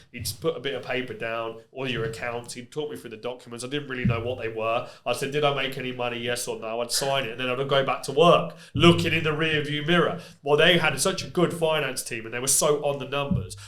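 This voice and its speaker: A man, speaking as a guest on a relaxed podcast. He tells frank stories in a lively way, often pausing for "yeah" and "you know". He talks like a hands-on business owner. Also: medium pitch. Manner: candid, lively anecdotes with frequent fillers like "you know" and "yeah". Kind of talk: casual podcast interview storytelling.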